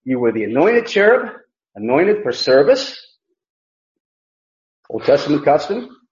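A man's voice: fairly high pitch, very animated, measured pace, a little mellow. A man teaching a verse-by-verse Bible lesson, emphatic, repeating key phrases and often restarting sentences. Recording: echoey room, dull lo-fi sound.

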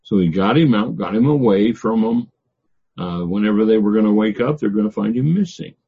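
A man teaching a Bible passage verse by verse, reading a line of scripture and then explaining it in his own words, pausing often on "uh". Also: fairly low pitch, expressive, slightly rough, narrow, tinny audio. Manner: reads scripture then explains it, with frequent "uh" pauses.

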